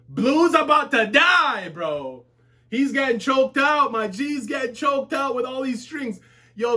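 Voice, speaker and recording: High, bright-voiced excitable man reacting. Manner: excitable, profane slang, bursts into shouting. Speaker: webtoon reaction streamer. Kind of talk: live reading reaction.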